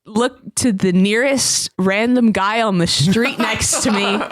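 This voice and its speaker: A woman's voice: medium pitch, unhurried, a crowd in the background. A woman playing a tabletop game, chatty and laughing, who says "wee bit" and "me darling". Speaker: player.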